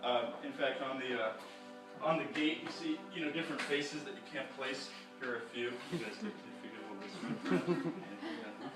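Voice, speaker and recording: A man leads a live, interactive story reading, rambling and playful, with constant fillers and restarts. His voice sits fairly high for a man. The recording is heavily echoey and distant, with music underneath. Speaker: storyteller and comics reader. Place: live performance venue.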